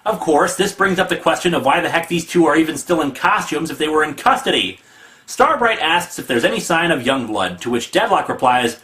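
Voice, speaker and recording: A man's voice: on the high side, very animated, normal speed, bright, forceful tone. A man hosting a sarcastic comedic comic book review, snarky and mocking.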